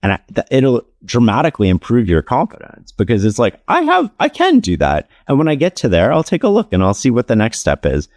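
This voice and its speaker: A man, an author being interviewed, talking in a relaxed, anecdotal way with many casual fillers. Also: mid-range voice, quick pace, hardly any pauses, no room sound, clean studio sound. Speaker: author and podcast guest. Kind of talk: conversational interview storytelling.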